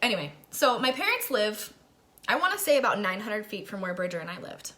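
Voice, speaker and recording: A young woman talks straight to her viewers, sharing a personal faith testimony in a chatty, emotional way. Her voice is bright and clear, and laughter keeps slipping into her story. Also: mid-range voice, very animated, a little fast. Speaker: faith vlogger.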